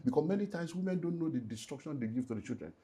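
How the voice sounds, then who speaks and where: A middle-aged Nigerian man, a pastor, telling an earnest, animated personal story in an interview and slipping into Pidgin. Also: on the high side, racing. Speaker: pastor and relationship speaker.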